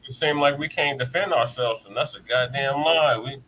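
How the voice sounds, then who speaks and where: A man's voice: medium pitch, moderate pace, over a noisy crowd. Emphatic man on a distant mic. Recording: distant mic with faint noise.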